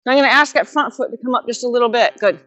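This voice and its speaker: A woman coaching horsemanship speaks on the high side, giving a student steady live directions and quick words of praise again and again.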